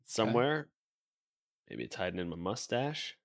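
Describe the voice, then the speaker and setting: A man's voice: on the low side, big pitch swings, normal speed, gravelly. A man co-hosting a casual podcast, joking and teasing his co-hosts. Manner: joking, teasing, laughs a lot. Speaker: podcast co-host.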